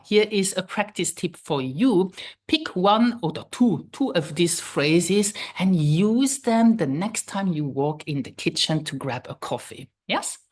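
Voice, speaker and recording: A woman teaching a language lesson, repeating phrases slowly and checking in with the learner. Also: lowish voice.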